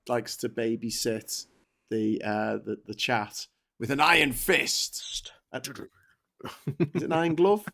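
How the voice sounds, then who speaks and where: A man's voice: medium pitch, fairly bright tone. A man hosting a casual political chat show, chatty and rambling, swearing and laughing as he goes. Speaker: host.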